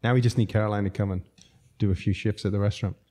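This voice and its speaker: A man's voice: fairly low pitch, rapid-fire. A middle-aged man, a restaurateur guest on a podcast, telling casual stories and laughing his way through them. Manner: laughs through lively anecdotes. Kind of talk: casual storytelling.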